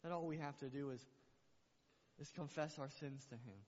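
A man's voice: fairly high pitch, normal speed, darkish tone. A man preaching a sermon to his church, passionate and repeating phrases for emphasis. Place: church sanctuary. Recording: muffled recording with long hall reverb.

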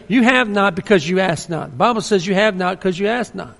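A man's voice: sits high, normal speed, creaky, few pauses, fairly bright tone. A man preaching a sermon, earnest and emphatic, often restarting his sentences. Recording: long hall reverb.

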